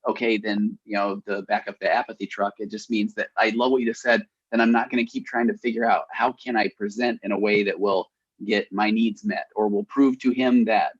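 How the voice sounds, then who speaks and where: A man's voice: lowish voice, fairly even intonation, a little fast, husky, no room sound, highs cut off. A middle-aged man hosting a podcast as a therapist, asking questions and encouraging his guest with frequent affirmations. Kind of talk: conversational interview.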